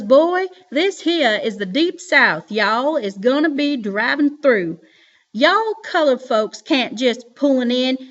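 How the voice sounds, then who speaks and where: A woman doing a drawling Southern dad, teasing loud. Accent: put-on Southern US hillbilly. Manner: loud, teasing, high and rising. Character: father mocking a drawling Southern man. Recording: dull lo-fi recording.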